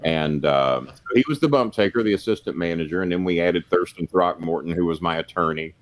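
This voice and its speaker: Older guy with a real low voice, rambling and cussing through old stories. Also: fairly quick. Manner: rambling, profane, plain-spoken. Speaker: podcast guest, former wrestling manager. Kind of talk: casual storytelling.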